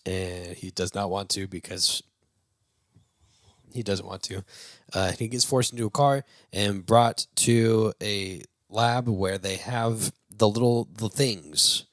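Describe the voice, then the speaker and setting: A man's voice: on the low side, fairly even intonation, slow, dry recording, clean studio sound. A man hosting a movie review show, recapping a film's plot in a loose, rambling way with lots of fillers and restarts, and laughing now and then. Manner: laughs while talking.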